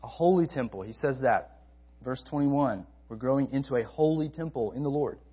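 A husky-voiced man preaches with emphatic stresses, repeating his key phrases and dropping into quiet asides. The recording is dull and lo-fi, and his pitch sits in an ordinary middle range. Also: normal speed. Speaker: college ministry preacher. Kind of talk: sermon.

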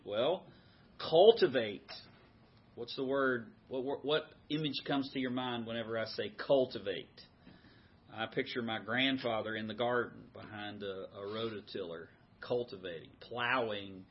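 A man teaches a men's Bible study, his voice slightly husky. He asks the group questions and repeats back their answers. The recording sounds somewhat dull. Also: medium pitch. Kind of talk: interactive teaching.

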